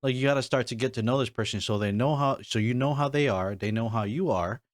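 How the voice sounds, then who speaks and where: A man's voice: medium pitch, fast talker, no echo, studio quality. A man hosting a podcast in casual chat, talking loosely with many restarts and fillers. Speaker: podcast host.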